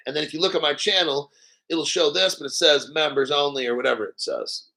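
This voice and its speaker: A man hosting a live crypto stream, talking in an excitable, profane, hyped way and often clearing his throat. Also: a little high, low-quality recording. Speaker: crypto livestream host.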